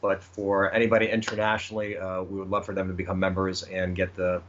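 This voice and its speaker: A man's voice: deep voice, completely flat delivery, fast talker, a bit bright. A man answering interview questions about his children's book, hesitant, with many fillers and restarts. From United States. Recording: slightly muffled with faint noise.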